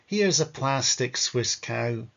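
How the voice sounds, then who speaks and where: A man's voice: medium pitch, lively intonation, takes it slowly, gravelly. A man putting on a pushy souvenir seller with a hard-selling patter. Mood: sales pitch. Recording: dull lo-fi audio.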